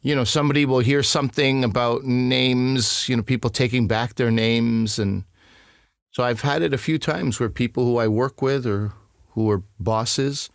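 A man chatting as a guest, telling lively stories about his family and his name. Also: mid-range voice, moderate pace, gravelly, no room sound, clean studio sound. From Pakistani family. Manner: animated, acts out other people's voices. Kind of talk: conversational storytelling.

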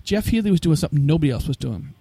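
A man guest talking about his life as a musician in a casual interview, telling stories with lively acted-out quotes. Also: a little high, rapid-fire, husky, no echo. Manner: animated, acts out quoted voices.

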